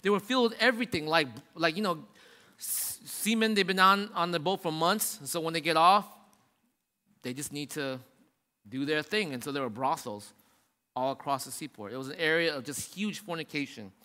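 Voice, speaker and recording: A man preaches in a high, bright voice, casual and emphatic, stacking repeated phrases as he builds. His words ring out with the long reverb of a big church hall. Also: moderate pace. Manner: casual, emphatic preaching with many restarts and rising repetitions. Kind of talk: sermon.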